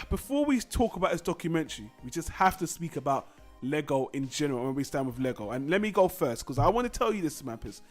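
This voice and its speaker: High-voiced man hosting a casual chat. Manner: rambling, conversational, many restarts. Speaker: podcast host.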